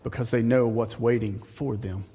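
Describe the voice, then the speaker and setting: Male pastor, sermon delivery, sarcastic pitch jumps, long hall reverb. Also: fairly even intonation, moderate pace, warm tone, slightly rough. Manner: rises to a high mocking voice for sarcasm.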